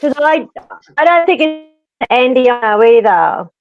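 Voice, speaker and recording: Aussie woman cohost, high sing-songy voice, kinda dull lo-fi sound. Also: very animated, measured pace, a little hiss or hum. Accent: Australian. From Australia. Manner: playful, sing-song teasing. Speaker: podcast co-host. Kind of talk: casual chat.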